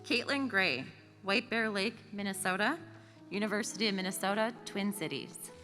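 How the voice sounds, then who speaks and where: Bright-voiced woman announcing in a hall. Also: medium pitch. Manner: reads names and hometowns slowly and evenly. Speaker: ceremony emcee. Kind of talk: formal ceremony announcing. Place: large auditorium. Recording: reverberant hall with faint music.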